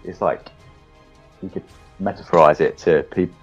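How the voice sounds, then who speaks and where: A man's voice: low voice, steady tone, moderate pace, slightly rough, dull audio, faint music behind. A man co-hosting a film podcast in a laid-back, agreeable way, often chuckling as he talks. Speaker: podcast co-host. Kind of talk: casual film review chat.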